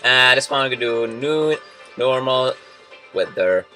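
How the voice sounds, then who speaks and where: Young male gamer, bright and animated, excitable, faint game music underneath. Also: medium pitch, measured pace. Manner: excitable, shouts and yells at the game. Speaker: let's play gamer. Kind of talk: game commentary. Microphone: computer mic.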